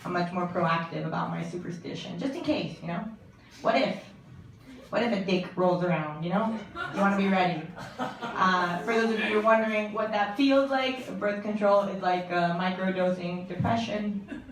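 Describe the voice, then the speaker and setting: A young woman performs stand-up, telling jokes in a deadpan way and turning to the crowd with quick asides. Her voice sits in the middle of the range for a woman. It comes from far off in a very reverberant club, with clear crowd noise behind it. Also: mid-range voice. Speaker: stand-up comedian. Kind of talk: stand-up comedy set. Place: comedy club stage. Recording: echoey room from a distance, audience laughter.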